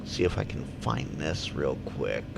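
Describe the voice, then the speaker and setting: Slow, rambling male livestream host. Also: rumbling low, very animated, gravelly, very noisy. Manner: rambling, reads viewer comments aloud and answers. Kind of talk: casual live chat.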